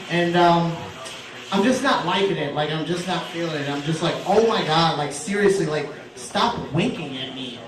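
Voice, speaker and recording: A high-voiced man working the crowd as a comedy host, loud, teasing and crude. He is heard from a distance in an echoey room, with a lively audience laughing behind him. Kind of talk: stand-up crowd work.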